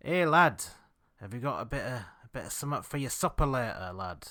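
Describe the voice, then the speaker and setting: A man's voice: medium pitch, big pitch swings, fairly quick, sharp tone. A man voicing a chatty male Yorkshire dog walker, with a Yorkshire accent and a friendly, folksy way of calling people lad.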